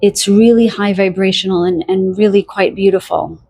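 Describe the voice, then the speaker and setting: A woman giving a pick-a-card tarot reading, talking softly and dreamily to the listener, with many fillers, pauses and restarts. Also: medium pitch, steady tone, creaky. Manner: addresses the listener directly. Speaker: tarot reader.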